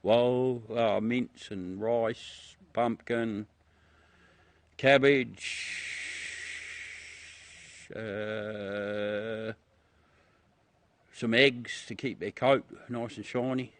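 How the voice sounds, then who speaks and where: A man's voice: fairly low pitch, fairly even intonation, drawn-out words, pauses often, a bit bright, no echo. A middle-aged man with an Australian accent, chatting casually to his livestream viewers outdoors at night, laid-back, chuckling and swearing freely. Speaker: livestream host. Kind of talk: casual rambling chat to viewers.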